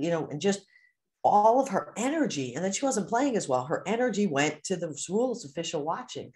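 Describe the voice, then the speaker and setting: A woman mindset coach giving an animated teaching talk to a course group, acting out the inner voices people hear. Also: fairly low pitch, fairly quick.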